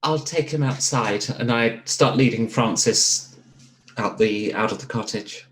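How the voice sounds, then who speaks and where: A man's voice: mid-range voice, unhurried, fairly bright tone. A man playing a tabletop horror game, speaking in a stammering, nervous way. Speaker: player.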